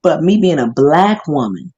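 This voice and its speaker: A woman's voice: low-pitched, sing-song, normal speed, warm tone, husky. A woman co-hosting a podcast in casual chat, blunt and emphatic with slangy phrasing. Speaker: podcast co-host. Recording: dull lo-fi recording.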